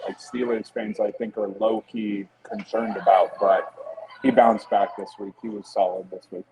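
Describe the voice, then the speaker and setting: Dude with a gravelly, mellow voice talking football from a pub, pretty analytical. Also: male voice, fairly low pitch, rough recording. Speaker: podcast co-host. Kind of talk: casual sports chat.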